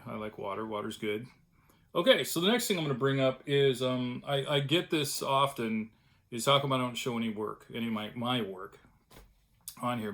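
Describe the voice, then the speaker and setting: A man's voice: medium pitch, creaky, a bit bright. A middle-aged man talking casually and at length in a home vlog, chatty and self-deprecating. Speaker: vlogger, cartoonist. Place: home studio room.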